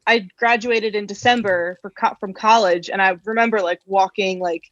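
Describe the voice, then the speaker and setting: A woman's voice: medium pitch, fairly even intonation, normal speed, a bit bright, no echo, muffled recording. A woman in her twenties, a podcast guest, chatty and self-deprecating, filling her talk with "like". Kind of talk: casual podcast chat.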